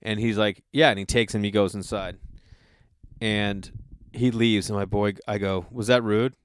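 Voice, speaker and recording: A man's voice: fairly low pitch, normal speed, smooth. A man telling a comic story in a loose monologue, swearing freely and acting out what other people said. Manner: animated, profane, acts out other people's lines.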